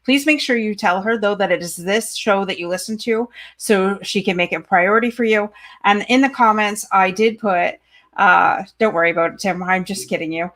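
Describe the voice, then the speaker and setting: A Canadian woman hosting an interview in a chatty, informal way, often filling pauses with "uh". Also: mid-range voice, a bit bright. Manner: chatty, apologetic, many filler "uh"s. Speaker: host.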